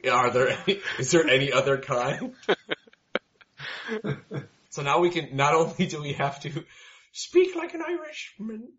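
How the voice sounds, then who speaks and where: A man's voice: mid-range voice, moderate pace, pauses often, a bit bright. A man playing a tabletop game with friends, chatting casually, joking and laughing a lot. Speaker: player. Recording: dull lo-fi sound.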